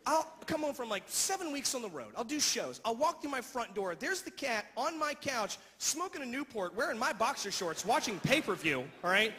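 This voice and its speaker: A man's voice: extremely high pitch, very animated, sharp tone, husky. A male stand-up comedian ranting on stage into a handheld mic and tossing out "all right?" between jokes. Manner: rapid rant with repeated "all right?". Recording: reverberant hall, faint noise.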